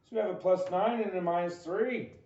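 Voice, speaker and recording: Teaching a math homework lesson, this high, light-voiced man fires questions at the listener between jokey asides. His delivery is fairly quick and mellow, captured on a dull, lo-fi recording with echo around him.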